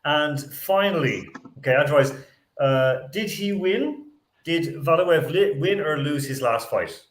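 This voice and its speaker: A man's voice: a little high, animated, measured pace, echoey room. A man hosting a radio sports show, running a casual quiz with lots of laughs and fillers. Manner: jokey, laughs often, many fillers. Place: radio studio.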